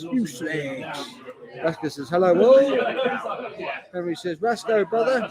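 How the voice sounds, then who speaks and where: A man with a London accent chats on a live stream, reading out chat messages and repeating his own lines as he goes. His voice sits slightly high for a man. Loud bar chatter fills the background. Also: animated, unhurried, pauses often, low-quality recording. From Hertfordshire, England. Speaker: beer vlogger streaming live. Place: busy bar taproom. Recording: loud bar crowd behind voice. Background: crowd chatter in a bar.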